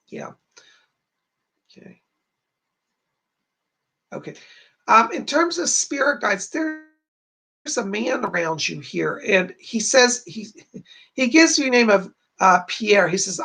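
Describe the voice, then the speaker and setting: A man's voice: high voice, sing-song, measured pace, creaky, pauses often, bright, forceful tone, husky. A man hosting a livestream, chatting casually as he reads viewers' messages aloud and gives psychic readings. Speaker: psychic medium host.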